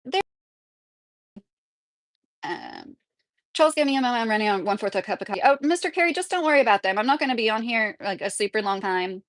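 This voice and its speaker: A woman's voice: on the high side, animated, fast talker, long pauses, a bit bright, dry recording. Woman, thirties, from Kentucky, casual livestream rant, reads comments aloud, dry close sound. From Kentucky, USA. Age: 30s. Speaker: vlogger. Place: at home.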